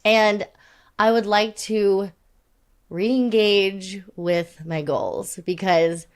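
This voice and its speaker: A woman's voice: mid-range voice, fairly even intonation, drawn-out words, clean tone. A young woman co-hosting a podcast, chatting casually in a rambling, self-deprecating way and laughing often. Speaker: podcast co-host. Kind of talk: casual chat.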